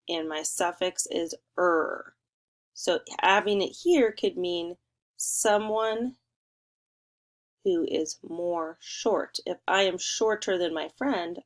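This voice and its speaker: A young woman teacher runs a remote spelling lesson for first graders, drawing words out slowly in an encouraging sing-song. Her pitch is fairly low.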